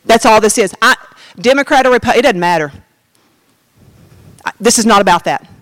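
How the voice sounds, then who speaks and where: A woman's voice: fairly high pitch, brisk, a bit bright, no room sound. A woman giving a personal testimony as a sermon, talking straight to the congregation in a conversational way. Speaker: preacher.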